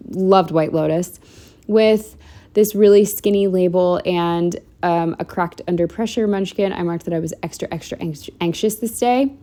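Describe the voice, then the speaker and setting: A woman's voice: fairly low pitch, warm tone. A woman narrating a casual planner walkthrough at home, chatty and rambling with lots of "like" and "um". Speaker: planner vlogger.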